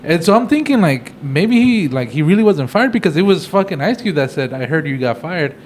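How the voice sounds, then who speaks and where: A man's voice: on the high side, sing-song, brisk. A young man co-hosting a casual movie review podcast, talking through the plot in a laid-back, profane way. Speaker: podcast co-host. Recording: faint background noise.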